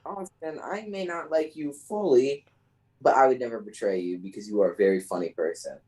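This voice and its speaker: A man's voice: medium pitch, fairly quick, warm tone, slightly rough, low-quality recording. A man co-hosting a casual podcast over a video call, playful and mock-serious. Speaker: podcast co-host. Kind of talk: casual chat.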